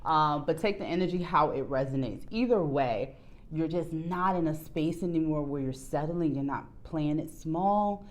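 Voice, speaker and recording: A woman doing a casual tarot reading to her viewers, candid and profane, jumping between quiet low asides and loud excited outbursts. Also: normal speed. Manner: candid, swears freely, bursts into laughs. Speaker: tarot reader.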